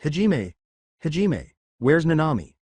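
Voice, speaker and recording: A man voicing an excitable, eager mother who talks quickly. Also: on the high side, breathy edge, no room sound, exaggerated voice. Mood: excited.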